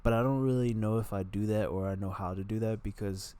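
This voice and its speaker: A man's voice: lowish voice, fairly even intonation, brisk, dark tone, clean tone. A man in his twenties rambling and joking in a casual monologue. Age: 20s. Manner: joking, self-deprecating, meandering. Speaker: vlogger.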